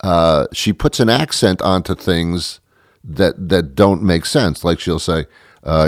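Low-voiced man rambling sarcastically. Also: slow pace, no room sound, clean studio sound. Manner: rambling, self-interrupting, sarcastic. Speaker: podcast host. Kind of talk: rambling comedic monologue.

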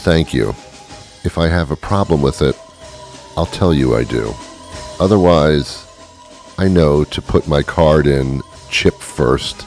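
A man's voice: rumbling low, slow, pauses often, darkish tone, soft background music. A man delivering a sardonic, grumbling comic monologue about everyday annoyances. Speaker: comedian.

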